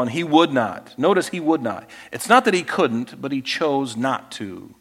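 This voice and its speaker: A man's voice: medium pitch, expressive, normal speed, hardly any pauses, in a large hall. A man pastor preaching a sermon, reading scripture aloud and teaching with folksy asides and self-corrections.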